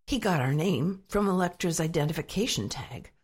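A woman voicing a cheerful, chattering mother of many children who tells stories briskly. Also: on the low side, expressive, husky. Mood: chatty.

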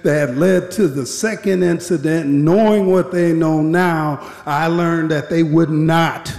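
A man recounts his years as a prison guard in a slow, measured telling, with heavy pauses between phrases. His voice sits a little high for a man. The sound rings through a big hall with a long, roomy tail. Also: steady tone, creaky, a little mellow. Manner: measured, grave, with deliberate pauses. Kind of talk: personal storytelling talk. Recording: echoey hall with long reverb.

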